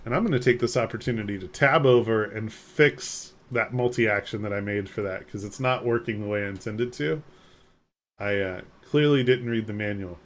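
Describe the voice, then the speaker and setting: A man's voice: fairly low pitch, moderate pace. A man streaming a game live, chatting casually with a rambling, self-deprecating manner as he reads and answers chat.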